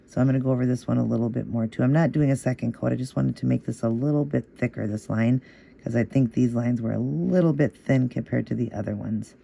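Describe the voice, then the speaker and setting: With a mid-range, gravelly, mellow voice, a man moves quickly through a relaxed nail art demonstration. He goes step by step, patiently going over each move again in an even rhythm while encouraging whoever is watching.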